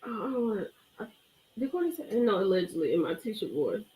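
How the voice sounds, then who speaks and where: A woman's voice: mid-range voice, fairly quick. A woman hosting a live stream, chatting emphatically and gossiping about a reality show. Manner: animated, emphatic, chatty, greets viewers. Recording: roomy echo.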